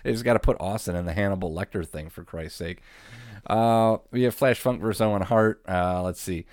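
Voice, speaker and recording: A man with a very low voice talks through a recap in a loose, rambling way. He swears casually and laughs now and then. The sound is dry and close. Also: brisk, darkish tone, dry recording. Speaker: podcast co-host.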